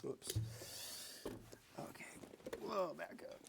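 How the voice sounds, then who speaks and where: Whispering slowly, a drum teacher in a music room counts beats aloud as he plays and talks plainly through the lesson. The drums come through loudly behind his voice.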